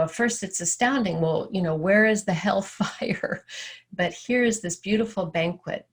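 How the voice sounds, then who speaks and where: A woman spiritual teacher delivers a sermon in an unhurried, measured way. Her voice sits low and carries a gravelly edge. She tells her story calmly, like someone at ease with it. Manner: calm storytelling.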